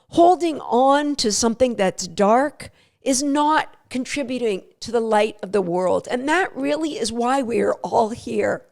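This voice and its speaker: A woman's voice: on the high side, creaky. A middle-aged woman hosting a dog training podcast, telling a personal story to her listeners in an earnest, emphatic way. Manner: earnest, emphatic, repeats words for stress.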